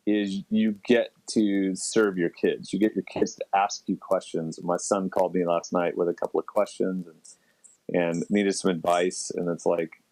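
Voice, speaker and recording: Animated middle-aged man, lively guest. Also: dry recording, poor audio. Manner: animated, quick, jumps up in pitch when excited. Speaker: podcast guest. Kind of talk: casual interview chat.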